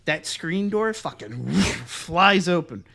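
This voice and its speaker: A young man co-hosting a podcast, telling a story in casual, profane chat and acting out the other voices loudly. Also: fairly high pitch, slow pace, creaky. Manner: animated, profane, acts out quoted voices loudly. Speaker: podcast co-host.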